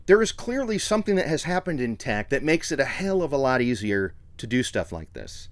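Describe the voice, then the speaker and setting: Man, lively pitch, casual excitable TV review, dry close sound. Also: fairly quick, no room sound. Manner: excitable, slangy, quotes characters in voices.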